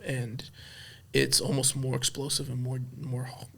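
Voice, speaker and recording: Man in his thirties, podcast guest, gravelly voice, bright edge, halting candid talk. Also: medium pitch, completely flat delivery. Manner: soft-spoken, halting, many restarts and fillers. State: emotional, choked up. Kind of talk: candid conversational storytelling.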